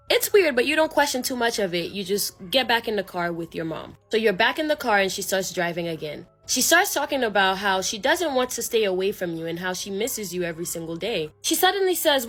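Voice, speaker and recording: Woman storyteller vlogger, conversational spooky narration, mid-range voice, soft music bed. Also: medium pitch, very animated, brisk, hardly any pauses. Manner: conversational, second-person narration with slang and fillers.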